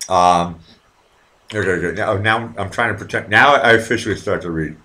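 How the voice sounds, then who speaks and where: A man's voice: deep voice, normal speed, bright, forceful tone. A man hosting a live stream in a casual, rambling and profane way, reading out viewer comments and sometimes putting on silly voices. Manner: rambling, profane, easily distracted. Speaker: live-stream show host.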